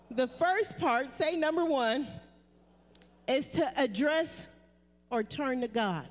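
A woman pastor with a very high voice delivers a sermon, often asking the congregation to say phrases back to her. Her voice rings out in a church sanctuary with a long, lingering reverb. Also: measured pace. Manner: call-and-response preaching, repeating phrases.

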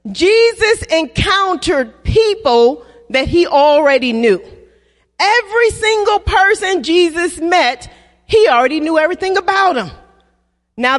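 A woman preaching with a high, lively voice that rises and falls freely. She calls out to the congregation and has them repeat her words. Her voice carries a long reverb from the church hall around her. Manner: call-and-response, repeats lines for the congregation; acts out playful voices in quoted dialogue. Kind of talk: sermon.

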